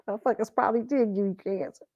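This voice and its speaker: A woman hosting a casual pop culture commentary show, animated and laughing often, swearing freely and acting out her own reactions. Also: a little high, quick pace, dull audio. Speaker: host.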